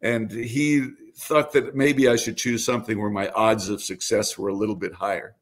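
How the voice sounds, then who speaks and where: A man's voice: on the low side, fairly even intonation, normal speed. An older man from Brooklyn, a baseball broadcaster speaking earnestly as an interview guest. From Brooklyn, New York. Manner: reflective, earnest, many restarts. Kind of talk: conversational interview.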